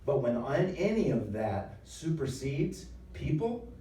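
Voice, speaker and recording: A former pastor giving a conversational, emphatic talk at a live event, acting out voices with humor. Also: male voice, mid-range voice, very animated, takes it slowly, warm tone, a little hiss or hum. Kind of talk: preaching talk. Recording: roomy hall sound, mic at a distance.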